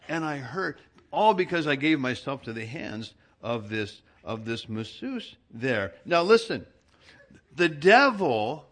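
Bright-voiced man preaching with anecdotes. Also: fairly high pitch. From Southern California. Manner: conversational storyteller, self-mocking humor. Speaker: pastor. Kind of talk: sermon with humorous personal anecdotes.

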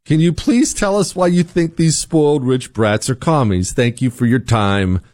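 A man's voice: mid-range voice, normal speed, darkish tone. A man hosting a talk show, delivering an opinionated commentary monologue with sarcasm and repeated rhetorical questions. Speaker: show host.

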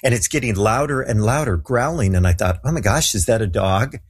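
A man's voice: fairly low pitch, expressive, brisk, breathy edge. A middle-aged man telling a story in a casual interview, acting out the voices of the people he quotes.

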